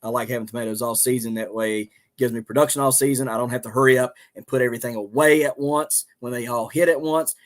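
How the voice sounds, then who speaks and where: Southern man, homestead host, casual rambling livestream talk, middle pitch. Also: fairly even intonation, fast, hardly any pauses. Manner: rambling, folksy, many fillers.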